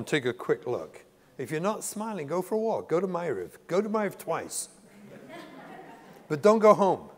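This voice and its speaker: A man's voice: on the high side, darkish tone. A man, a psychotherapist, giving an earnest, emphatic lecture to a religious audience and repeating key phrases for weight. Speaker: psychotherapist and speaker. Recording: long hall reverb.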